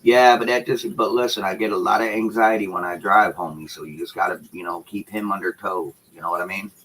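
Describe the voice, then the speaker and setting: Streamer type: deep-voiced man, forceful delivery, loose and profane chatter to his chat. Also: fairly even intonation, fairly quick, slight background noise, low-quality recording. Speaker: livestreamer talking to chat. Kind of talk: casual livestream chat. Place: home room with shelves behind him. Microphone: computer setup with dual screens.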